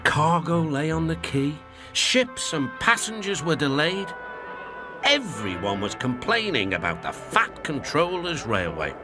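A man narrating a children's storybook in an expressive reading. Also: fairly high pitch, a little slow. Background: music.

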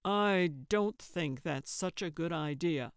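A weary older man grumbles his lines in a dry, grudging way, as a woman reads him. The voice sits low and moves slowly. It is recorded close and dry. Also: clean tone, no echo.

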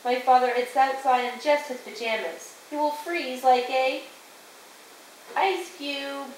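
A woman's voice: high-pitched, takes it slowly. A woman voicing an anxious young boy in a read-aloud picture book, calling out in alarm. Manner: calls out in rising alarm. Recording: echoey room, distant mic, faint hiss.

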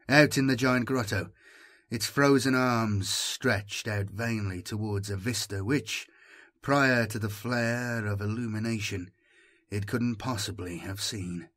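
A man narrating an audiobook in a measured, dramatic manner. His voice is husky and sits at an ordinary pitch. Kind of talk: scripted narration.

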